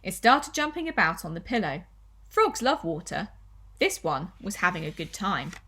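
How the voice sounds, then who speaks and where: A woman primary school teacher reading a children's story aloud with expressive storytelling. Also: on the low side, moderate pace, husky.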